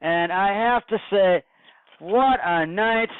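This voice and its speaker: A man giving a casual solo sports recap, rambling and excited, repeating himself with many fillers. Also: high voice, slow pace, smooth, no echo. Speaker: home podcaster recapping football. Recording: tinny phone-like dry recording.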